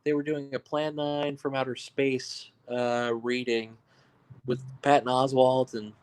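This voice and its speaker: A man's voice: mid-range voice, flat delivery, unhurried, clean tone. A man from New York, a filmmaker, telling loose, joking stories in an interview and laughing at his own punchlines. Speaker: guest filmmaker. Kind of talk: casual interview storytelling.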